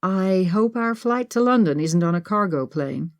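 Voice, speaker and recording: A woman voicing a sardonic young woman adventurer who jokes slowly and dryly. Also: mid-range voice, expressive, pitched above the performer's own voice, natural voice. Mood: wry. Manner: sardonic, slow, joking.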